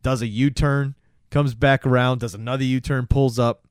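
A man's voice: mid-range voice, moderate pace, smooth, no echo, studio quality. A man hosting a podcast, telling a movie's story in casual chat and acting out scenes as he goes. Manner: animated storyteller who acts out scenes. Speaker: podcast host.

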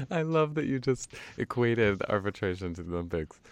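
A man's voice: medium pitch, sing-song, normal speed, vocal fry, a little mellow, no echo. A man co-hosting a podcast, joking lightly and steering the talk from one topic to the next. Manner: joking, upbeat, leads the topics. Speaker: podcast co-host. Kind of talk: casual podcast chat.

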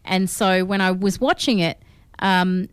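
A woman's voice: medium pitch, measured pace, clean tone, dry recording, studio quality. An Australian woman co-hosting a film review show, talking casually and with strong opinions, using lots of fillers. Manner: chatty, opinionated, with frequent fillers. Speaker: film review podcast co-host.

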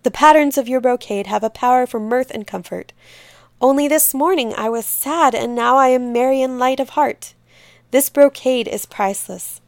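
A woman voicing a proud, brave young queen who gives sharp orders in a raised voice, in a storybook reading. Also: high-pitched, normal speed, dry recording, clean studio sound, voice pushed up. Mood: gracious.

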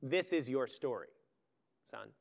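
A man preaching acts out a solemn father who speaks gently and earnestly to his son. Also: medium pitch, expressive, unhurried, creaky, voice pushed down. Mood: tender. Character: solemn, tender father telling his son their story.

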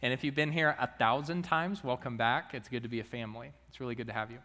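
Young guy preaching, chatty and jokey, bright voice, pitch kinda high, big church reverb. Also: steady tone, fast. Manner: chatty, joking storyteller. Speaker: student minister. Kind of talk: sermon. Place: church sanctuary.

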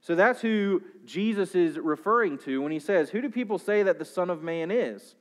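A man's voice: high-pitched, animated, normal speed. A man preaching a sermon as a pastor, explaining scripture with rhetorical questions and shifting pace and volume.

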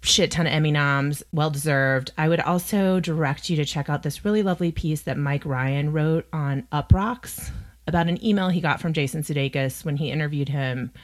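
A woman with a low, chatty voice talks through her latest recommendations. Her delivery is wry and loose, with fillers and side remarks throughout, in the easy manner of a podcast host. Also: normal speed. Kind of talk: casual chat.

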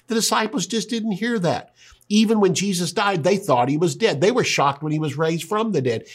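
A man's voice: fairly high pitch, animated, a little fast, breathy edge. A man teaching a sermon, retelling scripture in a conversational way with emphatic asides. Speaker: Bible teacher.

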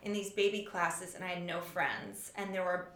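A woman in her forties, a guest in a casual interview, telling stories quickly with a wry sense of humor. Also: fairly low pitch, fairly bright tone. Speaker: author and show creator guest. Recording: echoey room.

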